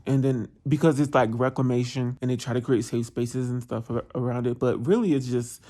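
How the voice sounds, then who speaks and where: A man's voice: medium pitch, fairly even intonation, brisk, mellow. A man from New Jersey vlogging in a casual, self-mocking storytelling style, laughing often and putting on voices for other people. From New Jersey, USA. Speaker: travel vlogger.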